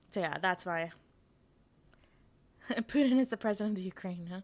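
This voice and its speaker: A woman's voice: medium pitch, moderate pace, long pauses, a little mellow. A woman streamer in casual live chat, rambling and giggly with lots of fillers.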